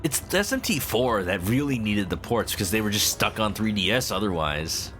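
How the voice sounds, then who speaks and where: A man's voice: fairly low pitch, lively intonation, normal speed, a bit bright. A man streaming a video game, rambling casually to his chat and humming along as he plays. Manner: rambling, talks to chat while playing, hums. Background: video game music.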